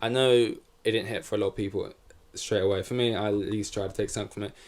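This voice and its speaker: Rambling, lower-voiced podcast guy. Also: steady tone, fast, a little mellow. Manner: rambling, self-correcting, swears casually. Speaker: podcast host. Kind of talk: casual solo chat. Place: in front of a camera.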